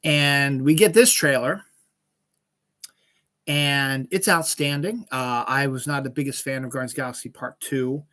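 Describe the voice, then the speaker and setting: Chatty man with a bright voice. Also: medium pitch, fairly even intonation, normal speed. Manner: chatty and rambling, with many fillers and restarts. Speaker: podcast host. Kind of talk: casual solo chat.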